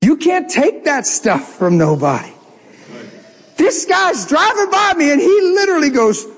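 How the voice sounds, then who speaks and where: A man telling a story in a sermon, animated and laughing often as he talks. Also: extremely high pitch, moderate pace. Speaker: preacher. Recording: long hall reverb.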